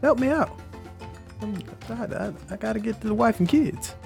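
A man's voice: high voice, moderate pace, creaky, a little mellow, faint music behind. A man voicing a small anxious male spider in a campfire fable, in a raised, nervous voice. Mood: fretful.

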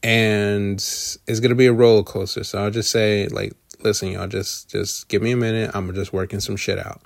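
Solo podcast host, man, lower voice, dry close sound, crude and rambling. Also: flat delivery, normal speed, gravelly, dry recording. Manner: profane, rambling, self-deprecating.

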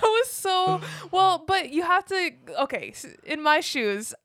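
A woman co-hosting a casual movie review podcast, reacting with quick exclamations. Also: extremely high pitch, sing-song, a bit bright. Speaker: podcast co-host.

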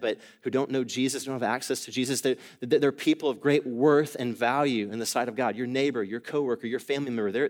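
A man preaching a sermon as pastor in a church, earnest, repeating and restarting phrases, his voice swelling louder and higher at the peaks and dropping quiet between them. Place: church sanctuary.

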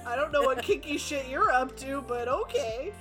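A woman's voice: high voice, expressive, over music. A young woman casually recapping a tabletop game session, swearing freely, laughing and slipping into quoted voices. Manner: fast, profane, giggly recap with quoted voices. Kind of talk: casual chat.

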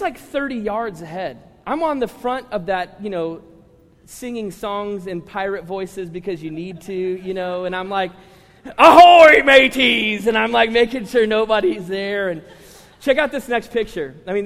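A man preaching a sermon to his congregation, telling stories with humor and talking directly to the listeners. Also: sits high. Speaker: pastor. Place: large church hall with congregation. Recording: live sermon in a reverberant hall.

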